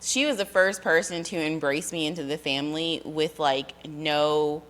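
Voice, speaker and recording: Woman in her 30s, low voice, rambly and laughy, casual chat. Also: normal speed, fairly bright tone. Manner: rambling storyteller, many fillers and laughs.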